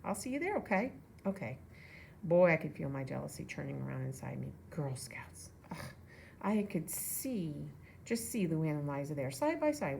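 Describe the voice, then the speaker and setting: Low, gravelly woman reading a storybook. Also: a little hiss or hum. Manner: relaxed, with casual asides to listeners. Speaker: reader. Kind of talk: reading a children's novel aloud.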